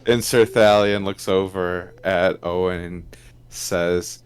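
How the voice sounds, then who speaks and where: A man's voice: low-pitched, fairly even intonation, slow, clear, resonant tone. A man narrating and voicing his character in a tabletop role-play game, with frequent fillers. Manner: hesitant, many fillers. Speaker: player voicing a knight.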